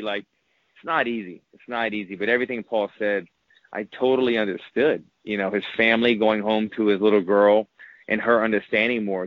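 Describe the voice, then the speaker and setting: A man's voice: on the low side, fairly even intonation, fairly quick, dry recording. Rambling man telling a story, lo-fi. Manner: rambling, repeats words when moved. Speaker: retired fighter and analyst. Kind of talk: casual interview storytelling. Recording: muffled lo-fi audio.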